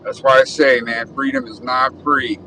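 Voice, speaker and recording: A man hosts a casual livestream from his car on city roads, chatting and reading viewer comments aloud. His medium-pitched voice is pushed and bright, with fairly even intonation at normal speed. The phone is held in the car, so the mic is distant and picks up road and traffic noise.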